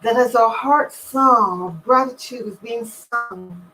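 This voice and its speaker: A woman from Barbados leading a calm, meditative invocation prayer. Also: a little high, takes it slowly, rough recording. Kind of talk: slow guided prayer.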